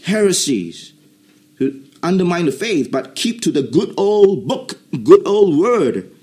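A man preaching a sermon, explaining Greek words and rising to animated emphasis. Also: sits high, takes it slowly. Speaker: pastor.

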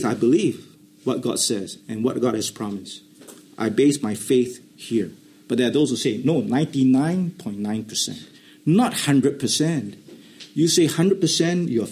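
A man preaching a sermon, emphatically repeating key phrases, explaining Greek grammar in a teaching tone, and dropping into quiet asides. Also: mid-range voice.

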